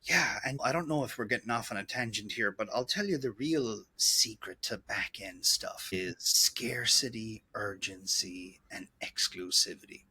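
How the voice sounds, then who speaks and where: A man from Ireland, co-hosting a podcast, chatting casually about business and telling lively anecdotes. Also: medium pitch, normal speed, hardly any pauses, slightly rough. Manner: animated storyteller, mimics others in quotes. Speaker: podcast co-host.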